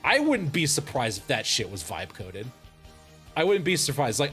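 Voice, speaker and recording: A man's voice: medium pitch, sing-song, normal speed, fairly bright tone, soft background music. A man streaming as a VTuber, ranting in casual, profane exasperation and breaking into laughter. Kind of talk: casual livestream rant.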